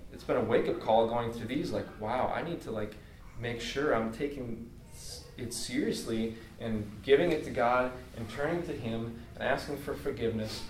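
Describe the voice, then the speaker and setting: A man of medium pitch preaches in a casual, heartfelt, everyday manner, earnest and informal and packed with fillers. The recording has an echoey room sound, a distant mic, and slight background noise.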